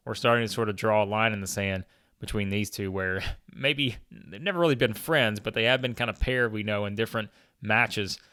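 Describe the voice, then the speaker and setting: A man's voice: on the low side, pushed and bright, clear, resonant tone, no echo, clean studio sound. A man hosting a gaming video, narrating a wrestling sim playthrough in a chatty way, with frequent fillers and chuckles.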